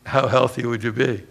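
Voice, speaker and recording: Gravelly-voiced man giving a humorous sermon. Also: medium pitch, a bit bright. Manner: humorous storytelling, chuckles often. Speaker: swami giving a lecture. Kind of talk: religious lecture.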